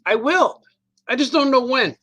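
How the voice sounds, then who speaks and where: A man's voice: very high-pitched, lively intonation, moderate pace, sharp tone, poor audio. A man casually chatting while he draws on a livestream, playful and reading viewer comments aloud. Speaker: cartoonist livestreaming his drawing. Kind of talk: casual chat while drawing.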